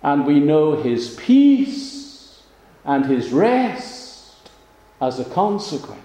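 A man preaching a sermon in a slow, measured way, leaning on pauses for emphasis. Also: on the high side, sing-song, dark tone. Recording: roomy, echoey sound.

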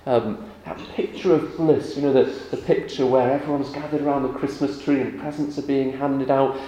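Pastor in an echoey church. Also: male voice, medium pitch, normal speed. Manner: animated with children, rising and warm questions. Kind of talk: church service, prayer and children's talk. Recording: echoey church room with faint ambience.

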